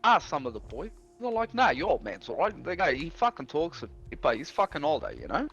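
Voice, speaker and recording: A man's voice: fairly high pitch, wildly swooping pitch, a little fast, vocal fry, fairly bright tone, slightly rough, highs cut off, soft background music. A man, a streamer and house painter, rambling through a work story full of swearing and acted-out quotes. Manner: rambling, swears a lot, acts out quoted dialogue. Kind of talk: casual storytelling chat.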